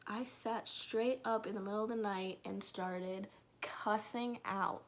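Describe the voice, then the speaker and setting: A young woman with a medium-pitched, steady voice tells a personal story in a casual vlog. She speaks slowly and rambles, sometimes laughing and now and then dropping into a whisper.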